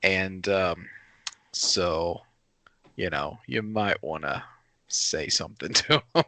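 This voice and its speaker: Male podcast co-host, lively storyteller, bright voice, close dry mic. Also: low-pitched, takes it slowly, no echo. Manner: animated storytelling, acts out voices. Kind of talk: casual chat.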